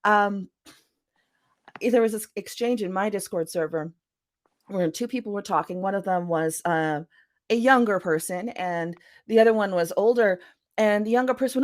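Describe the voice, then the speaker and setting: A woman author talking shop as an interview guest. Her voice sits at an ordinary middle pitch. She rambles cheerfully, laughs a lot and keeps dropping in "you know". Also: moderate pace. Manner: chatty, laughing often, frequent "you know" fillers. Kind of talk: casual interview chat on writing craft.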